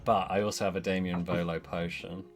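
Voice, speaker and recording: Casting: male player, lowish voice, plotting and jokey, faint music bed. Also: flat delivery, brisk. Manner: scheming, swearing, joking. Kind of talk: playing a tabletop game.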